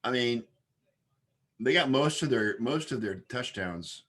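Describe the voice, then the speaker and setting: A man's voice: medium pitch, lively intonation, a little slow, fairly bright tone. A man hosting a casual sports podcast, rattling off game statistics with many fillers and restarts. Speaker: podcast host.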